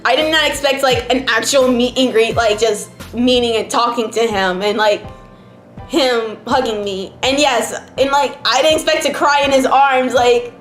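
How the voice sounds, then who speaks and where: A woman's voice: fairly high pitch, moderate pace. A young woman from New Jersey chatting casually as a vlogger, rambling and emotional, filling her talk with "like". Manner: rambling, emotional, heavy use of "like". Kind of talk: casual chat. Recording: roomy echo, faint background music. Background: faint background music.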